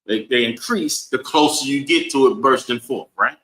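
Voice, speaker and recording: A man's voice: mid-range voice, moderate pace, pushed and bright. Preachy man teaching a bible class. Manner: preachy, asks the room "right?" over and over. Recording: echoey room.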